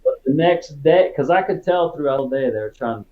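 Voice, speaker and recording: A man's voice: on the high side, expressive, brisk, a little mellow, muffled recording. A man from Texas, a former Marine, telling stories in a casual interview in a laid-back, profane way. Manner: profane, laid-back, peppers talk with "dude" and "right?".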